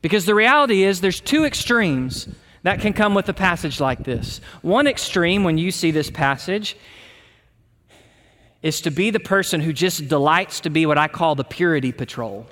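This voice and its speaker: A man's voice: high voice, lively intonation, normal speed, a bit bright, in a large hall. A man pastor preaching a sermon in a church, earnest and emphatic, repeating phrases for weight. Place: church sanctuary.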